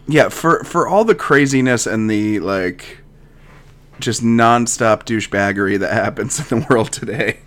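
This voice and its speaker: A man's voice: medium pitch, a bit bright. A man in his thirties chatting casually about old comedy films, often stumbling and repeating words as he starts sentences. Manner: halting, repeats words and restarts. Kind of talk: casual chat about movies.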